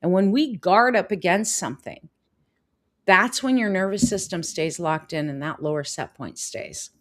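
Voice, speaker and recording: A woman hosting a live-stream coaching talk, animated, often repeating phrases and answering viewers' comments. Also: on the low side, normal speed.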